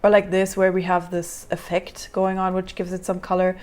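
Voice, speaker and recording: A woman's voice: lowish voice, completely flat delivery, moderate pace, a little mellow. A young woman hosting a reaction video, chatting casually and thinking aloud with many fillers and restarts. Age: young adult.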